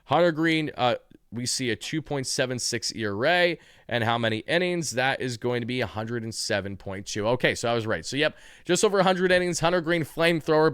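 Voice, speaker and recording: A man's voice: medium pitch, fairly bright tone, clear, resonant tone, no echo, studio quality. A man hosting a sports channel, giving opinionated commentary in a conversational way and correcting himself mid-sentence.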